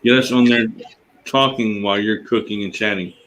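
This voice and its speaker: A man's voice: lowish voice, steady tone, moderate pace, a bit bright, slight background noise, rough recording. A man in his forties, a fellow streamer, chatting casually in a rambling, folksy way. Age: 40s. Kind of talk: casual chat.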